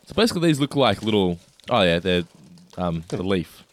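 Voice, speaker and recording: Low-voiced man taste-testing snacks. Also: sing-song, a little fast. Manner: enthusiastic, describes food while chewing. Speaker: co-host. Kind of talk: casual snack taste-test chat.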